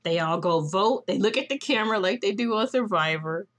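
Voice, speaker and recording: A woman co-hosting a casual podcast, recapping a TV episode in a chatty, animated way and quoting the characters. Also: mid-range voice, fairly quick. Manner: chatty, animated retelling with quoted voices. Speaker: podcast co-host recapping a TV show. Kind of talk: casual chat.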